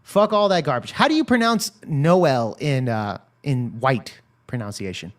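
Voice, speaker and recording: A man's voice: mid-range voice, animated, a little slow. A man from South Texas hosting a casual reaction stream, joking with chat, swearing and laughing often. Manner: profane, joking, laughs a lot. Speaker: stream host.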